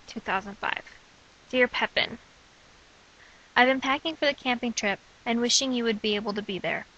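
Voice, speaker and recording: A young woman reads her personal diary entries aloud in a steady, earnest voice. Her tone is bright and forceful, sitting a little high for a woman. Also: muffled recording. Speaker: narrator of own testimony.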